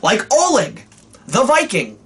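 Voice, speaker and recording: Animated, profane man ranting. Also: extremely high pitch, slow, breathy edge. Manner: profane, exasperated, sarcastic. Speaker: cartoon reviewer. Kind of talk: ranting comedic review.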